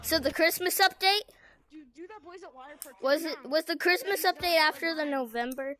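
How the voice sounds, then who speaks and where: High-voiced playful woman gaming in VR. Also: normal speed, bright, forceful tone, soft background music. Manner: playful, chants a catchphrase over and over. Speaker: VR gamer vlogger. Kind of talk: casual gameplay chat.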